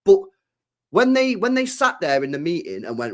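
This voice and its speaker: Animated guy ranting. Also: sits high, normal speed. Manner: animated, swears a lot, fires rhetorical questions. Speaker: podcast host. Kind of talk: casual podcast rant.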